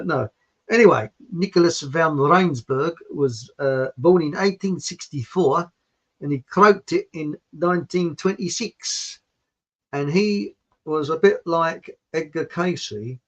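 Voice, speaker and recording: A man hosts a livestream, reading viewer comments and rambling casually, repeating words and drifting from topic to topic. His voice is fairly high and fairly bright, though the recording sounds muffled.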